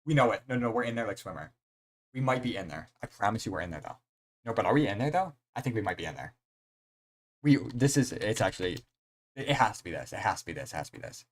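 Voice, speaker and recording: A young man streaming a horror game, chatting casually in an excitable, rambling way full of slang and fillers. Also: on the low side, quick pace. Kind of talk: casual live-stream chat.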